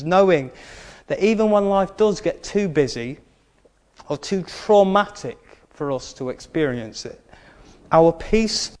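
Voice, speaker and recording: A man's voice: fairly high pitch, darkish tone, long reverb tail. A male preacher giving a sermon in an earnest way, stressing his key points and adding wry asides.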